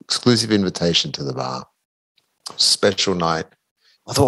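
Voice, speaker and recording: Animated man telling a story. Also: low-pitched, normal speed. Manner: animated, laughs through his own story. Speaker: podcast guest. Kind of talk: casual storytelling.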